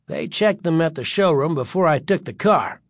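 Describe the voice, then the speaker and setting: A man's voice: fairly high pitch, expressive, normal speed, dry recording, studio quality. A man voicing an eager middle-aged father showing off a new car, boastful and defensive.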